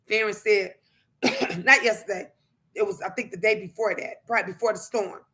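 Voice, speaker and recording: Woman, casual livestream chat, emphatic, colloquial, bright forceful voice. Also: mid-range voice, moderate pace. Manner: emphatic, animated, repeats phrases for emphasis; colloquial, plain-spoken. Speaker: livestreamer and mother.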